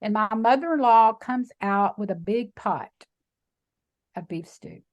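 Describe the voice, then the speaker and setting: A middle-aged woman with a Texan accent tells her story in an emphatic, animated way and acts out the voices of the people in it. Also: medium pitch, unhurried, lo-fi sound. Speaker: guest, sanctuary founder. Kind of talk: emotional storytelling interview.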